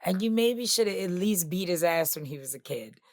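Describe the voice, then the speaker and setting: A woman co-hosting a podcast review, talking in an animated, blunt way and swearing freely. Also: on the low side, brisk, dry recording, clean studio sound. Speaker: podcast co-host. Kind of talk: casual chat.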